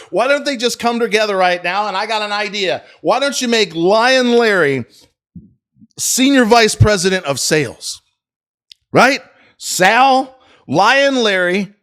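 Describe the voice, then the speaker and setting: Ranting, profane high-voiced man. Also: a bit bright. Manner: rambling, sarcastic and profane, with frequent restarts. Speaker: stock trading channel host. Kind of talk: ranting market commentary to camera.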